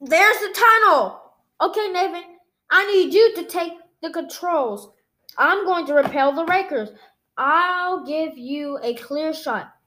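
A woman's voice: very high-pitched, expressive, takes it slowly, bright, forceful tone. A woman reading a graphic novel aloud, saying the sound effects and the dialogue in the same reading voice. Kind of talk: read-aloud storytelling.

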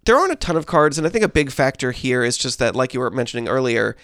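A man's voice: medium pitch, sing-song, fairly bright tone, no echo, clean studio sound. Man explaining card mechanics at length. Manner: explains at length, measured and dryly joking. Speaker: podcast co-host. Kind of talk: casual chat.

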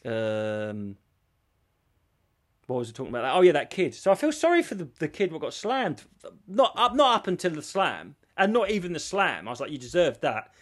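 A man co-hosting a podcast, telling stories in an animated casual chat and swearing freely. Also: on the high side, moderate pace. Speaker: podcast co-host.

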